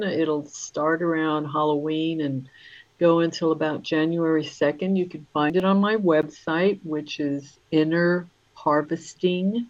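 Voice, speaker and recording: Being interviewed in a casual chat, a woman author rambles along in a chatty way, filling her talk with fillers. Her voice is low, and the highs are cut off.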